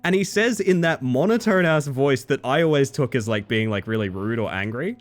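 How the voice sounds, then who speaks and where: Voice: mid-range voice, expressive, fairly quick, few pauses, soft background music. A streamer chatting casually and telling a rambling personal story to their live viewers, with lots of fillers.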